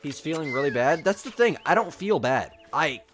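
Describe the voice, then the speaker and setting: A man's voice: on the high side, expressive, moderate pace, fairly bright tone, a little hiss or hum. Casual young man streaming with a cough. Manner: casual, chatty, reads and answers chat. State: sick with a cough. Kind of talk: live gaming stream chat.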